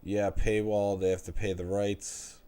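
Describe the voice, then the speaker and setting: Congested man in his thirties, streamer type, low mellow voice, unhurried delivery, casual stat read-outs. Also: flat delivery, smooth. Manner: laid-back, chatty, reads out stats with restarts. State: stuffed-up nose. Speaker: streamer reviewing a retro game. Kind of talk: live-stream game commentary.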